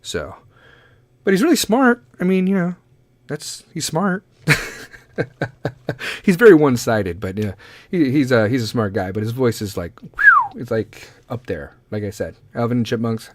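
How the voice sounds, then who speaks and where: A man's voice: mid-range voice, sing-song, normal speed, no room sound. A man hosting a comedy podcast, rambling casually with lots of swearing and pep talk. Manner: profane, rambling, motivational. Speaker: podcast host.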